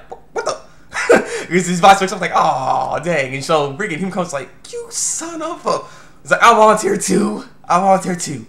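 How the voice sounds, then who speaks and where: A young man reviewing an anime episode in a rambling, excitable way, full of restarts and fillers. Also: a little high, echoey room. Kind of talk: casual video review.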